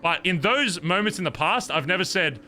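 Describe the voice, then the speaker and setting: A man in a roleplay scene, recounting a betrayal in a heated, profane rant. His voice is bright and tense, pitched a little high. It swings widely as he vents. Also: moderate pace, slight background noise. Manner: heated, profane venting, animated retelling. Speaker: streamer in character. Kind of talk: in-character roleplay conversation.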